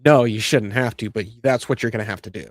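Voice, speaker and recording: A man's voice: on the low side, fast talker, no room sound, studio quality. A man on a gaming podcast speaking in a matter-of-fact way with some fillers, in casual chat.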